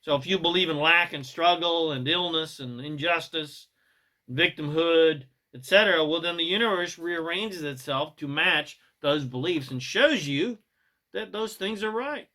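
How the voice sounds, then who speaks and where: A man giving a motivational self-help monologue, emphatic and preachy, swinging between loud bursts and soft asides. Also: on the high side, a little slow.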